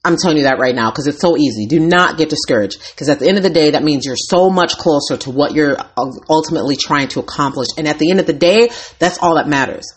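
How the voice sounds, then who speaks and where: A woman's voice: sits low, quick pace, few pauses. A woman hosting her own podcast as a life coach, talking in a raw, candid and emphatic way. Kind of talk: casual motivational talk.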